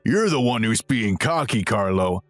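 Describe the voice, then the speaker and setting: A man's voice: lowish voice, lively intonation, a little slow, no room sound, faint music behind. A man voicing a stern, disapproving older father who rebukes firmly in a dramatized text-message story.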